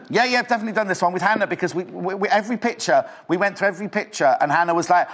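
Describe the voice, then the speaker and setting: A man's voice: sits high, quick pace, a bit bright. A man presenting live on a shopping channel in a studio, with chatty, rambling sales patter.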